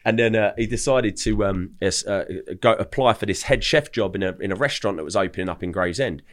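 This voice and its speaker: Young male guest, very low pitch, casual rambling storyteller. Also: fast. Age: young adult. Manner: chatty, repeats words when starting sentences. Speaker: podcast guest.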